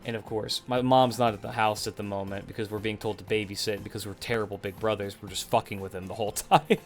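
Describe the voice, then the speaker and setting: A man's voice: on the low side, fairly even intonation, quick pace. Male streamer, profane rambling storyteller, faint music under him. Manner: profane, laughing, rambling with restarts. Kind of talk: casual storytelling on a live stream.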